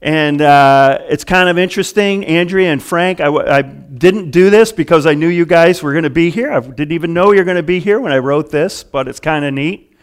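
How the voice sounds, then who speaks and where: A man's voice: on the high side, moderate pace, clean tone. A middle-aged male pastor preaching a casual, chuckling sermon full of fillers and restarts.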